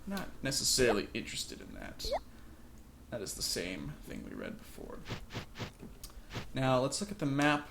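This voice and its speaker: A man's voice: medium pitch, wildly swooping pitch, normal speed, gravelly, pauses often, noisy background. A man hosting a let's play, reading game text aloud and musing wryly on his choices. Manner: wry, musing.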